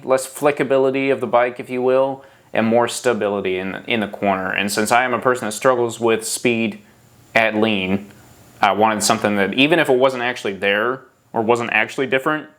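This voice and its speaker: A man's voice: medium pitch, a bit bright. Guy hosting a bike podcast, rambly and chatty, keeps restarting sentences. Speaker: podcast host. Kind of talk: casual podcast chat.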